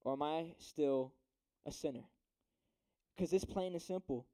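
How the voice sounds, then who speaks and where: A man's voice: a little high, measured pace, warm tone. A young man giving a casual youth sermon, slangy and chatty, often checking in with "right?". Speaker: youth preacher.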